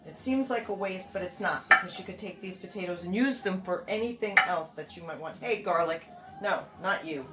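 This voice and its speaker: A woman's voice: lowish voice, brisk, very noisy. An older woman talks viewers through a recipe in her home kitchen. She is chatty and homey, wandering off track with fillers and asides as she works. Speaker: cooking show host. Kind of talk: casual cooking demonstration.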